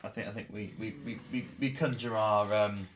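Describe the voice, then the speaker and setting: A man playing in a tabletop game, speaking haltingly and repeating words as he thinks. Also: fairly low pitch, fairly even intonation, slight background noise. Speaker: player. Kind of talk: casual tabletop game chat.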